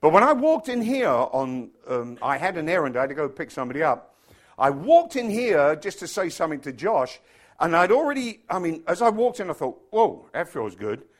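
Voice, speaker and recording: Middle-aged English man, pastor, casual joking sermon, slightly higher voice, mimics others for laughs. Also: big pitch swings, fairly quick. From England. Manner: chatty, joking with the congregation, bursts of mimicry.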